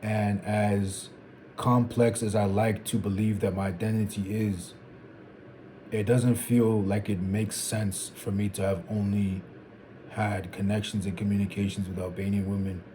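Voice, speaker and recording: Speaking at a measured pace, this young Zimbabwean man has a warm, lowish voice that barely moves in pitch, with a little hiss or hum. In his reflective vlog he talks to the camera alone, meandering and repeating phrases as he thinks.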